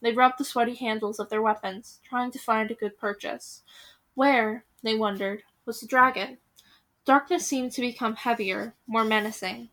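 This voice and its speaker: Bright-voiced woman reading a story aloud. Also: a little high, fairly even intonation, normal speed. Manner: dramatic, suspenseful pacing.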